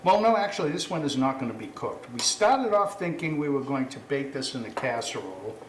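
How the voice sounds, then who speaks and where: A man's voice: mid-range voice, big pitch swings, brisk, echoey room, a little hiss or hum. A man hosting a casual cooking demonstration, chatty and self-correcting, with apologetic asides. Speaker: cooking show host.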